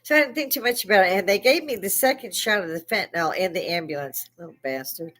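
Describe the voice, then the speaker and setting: A woman's voice: medium pitch, lively intonation, fast talker, fairly bright tone. An older woman, hosting a live stream and casually telling a story, laughing often and swearing freely. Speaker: livestream host.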